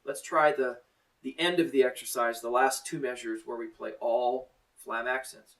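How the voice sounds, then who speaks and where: A man's voice: mid-range voice, steady tone, moderate pace, a bit bright, recorded from a distance, poor audio. A man coaching a drum lesson. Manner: encouraging, plain-spoken, coaching. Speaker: drum teacher. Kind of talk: instructional lesson, counting in.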